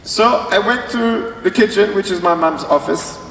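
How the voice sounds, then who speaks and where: A man tells his life story from a stage, playful and acting out the dialogue. His voice sits high and moves unhurriedly. It is heard from far back in a big echoing hall with long reverb and faint noise. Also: moderate pace, vocal fry. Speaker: motivational speaker. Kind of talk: comic storytelling speech. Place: large convention hall. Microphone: far camera in the audience.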